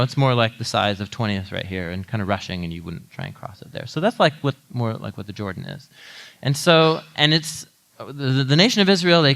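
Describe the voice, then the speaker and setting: A man pastor giving a conversational sermon, telling a story with animated asides to the audience. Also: mid-range voice.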